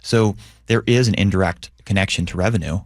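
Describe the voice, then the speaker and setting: A man appearing as a police union president on a radio show, explaining his points in a measured way and often checking in with "right?". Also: deep voice, no echo, clean studio sound. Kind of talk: radio interview.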